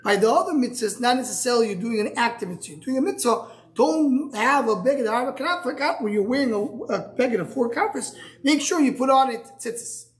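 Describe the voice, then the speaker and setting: A man's voice: very high-pitched, animated, brisk. Style man teaching a Talmud class. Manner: thinks aloud with many restarts, fields student questions.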